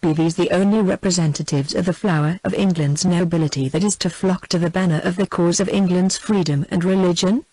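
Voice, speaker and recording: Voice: medium pitch, fairly even intonation, fairly quick, few pauses, warm tone, no echo, close to an everyday voice, low-quality recording. A narrator reading the lines of a blunt, scornful Scottish conspirator in an audiobook, dry and close.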